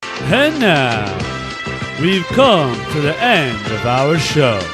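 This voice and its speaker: A man's voice: fairly high pitch, very animated, full character voice. A man putting on the voice of a grand male show announcer, stretching out his words. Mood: grandiose. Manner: slow, drawn-out, swooping announcer delivery. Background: loud music.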